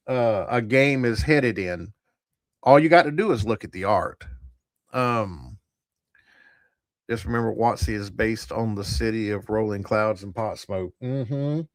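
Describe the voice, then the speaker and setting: A man hosting a tabletop gaming channel gives blunt, profane, rambling commentary to a live chat in a casual livestream. His medium-pitched voice is recorded dry, at studio quality.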